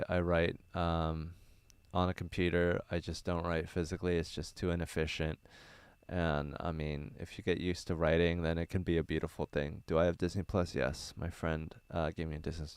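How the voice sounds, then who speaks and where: A young man talks in a low, smooth voice, wandering through his answers with plenty of ums and uhs. He sounds earnest and off-the-cuff as he chats with viewers. The sound is dry and close, recorded inside a small van. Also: no room sound. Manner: rambling, filler-heavy, earnest. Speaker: stand-up comedian. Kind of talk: casual livestream Q&A.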